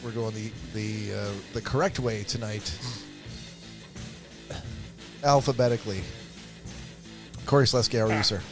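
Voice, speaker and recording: A man hosting a casual comedy podcast with friends, upbeat and quick to laugh. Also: on the low side, faint music behind. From Michigan. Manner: upbeat, laughing, emcee-style. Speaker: podcast host.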